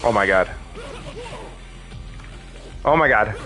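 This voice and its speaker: Brief: young male streamer, high-pitched and excitable, swears and yells through live play. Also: moderate pace, soft background music. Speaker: gaming streamer. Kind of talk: live gameplay commentary.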